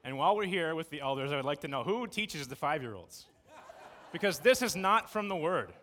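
A man in his thirties giving a casual, jokey sermon to a congregation, telling stories in a lively, conversational way. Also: a little high, a little fast. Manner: conversational, jokey, animated storytelling. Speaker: preacher. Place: church sanctuary. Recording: long reverb of a church hall.

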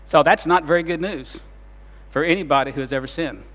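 A man preaching a sermon in a church, his voice sitting a little high and carrying a long reverb around it. He moves from loud, urgent passages to soft, hushed ones as he retells scenes. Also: brisk. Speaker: pastor.

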